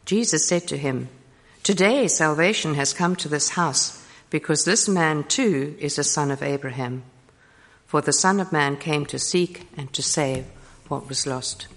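A woman reading a Bible passage aloud slowly and carefully in church. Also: low voice, in a large hall. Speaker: scripture reader.

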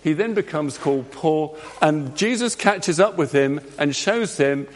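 A man's voice: on the high side, animated, a little slow. A man leading an all-age church talk, acting out a Bible story with volunteers in a jokey, directing manner. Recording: long hall reverb.

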